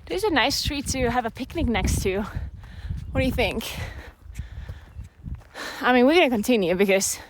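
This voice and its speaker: A woman's voice: on the high side, animated, moderate pace, long pauses, noisy background. A woman streamer chatting casually with her viewers while hiking outdoors on a mountain trail, laughing often.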